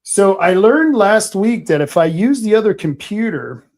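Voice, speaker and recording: A man hosting a casual political panel talk show, rambling and halting with many fillers. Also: high voice, very animated, darkish tone. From Oregon. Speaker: host.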